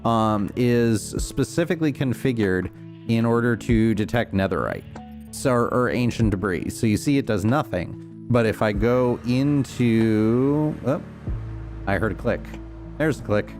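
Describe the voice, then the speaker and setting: A man's voice: mid-range voice, animated, measured pace, a little mellow, soft background music. A young man chatting casually on his livestream while playing, rambling and answering chat with lots of fillers. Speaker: streamer.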